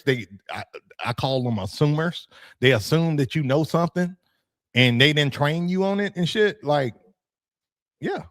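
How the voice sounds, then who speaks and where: A man hosting a youth football podcast, talking casually in an animated, joking way, laughing often and swearing freely. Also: medium pitch. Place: room with his degree on the wall.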